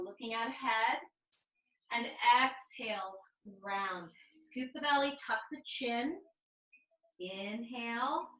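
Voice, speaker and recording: A woman teaching a live online mat pilates class, calmly cueing each move and breath over a video call. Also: a little high, reverberant, poor audio. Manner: calm step-by-step cueing with breath counts. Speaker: pilates instructor.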